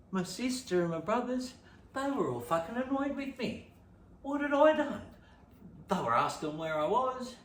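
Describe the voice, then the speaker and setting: A man with an Australian accent rehearsing stand-up, telling a story with lots of swearing and sudden jumps from whispers to shouts. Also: high-pitched, slight background noise. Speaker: stand-up comedian. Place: room at home. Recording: echoey room, distant mic.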